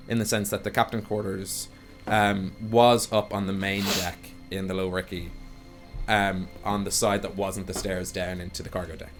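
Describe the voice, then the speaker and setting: Low-pitched male game master, halting narration, light music bed. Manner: halting narration with many fillers. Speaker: dungeon master.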